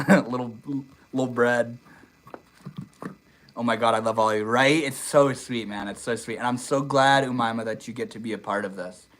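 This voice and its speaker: A man's voice: mid-range voice, steady tone, moderate pace, long pauses, a bit bright, poor audio. Laid-back young man on a live stream. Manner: laid-back, swears casually, says dude and bro a lot. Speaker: livestream host. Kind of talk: casual livestream chat reading comments. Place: outdoors in the desert.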